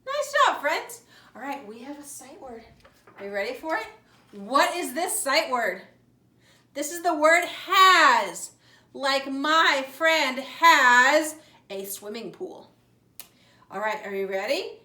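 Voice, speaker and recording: A young woman teaching a preschool circle-time lesson. She talks in a sing-song, animated way and leads the children in call-and-response chants. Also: sits high, measured pace. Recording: roomy echo from a distant mic.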